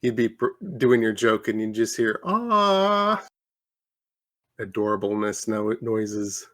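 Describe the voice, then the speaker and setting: A man's voice: on the low side, normal speed, no room sound. Laid-back man hosting a comedy podcast. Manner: relaxed, joking, chuckles often. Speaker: podcast host. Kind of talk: casual chat on a video call.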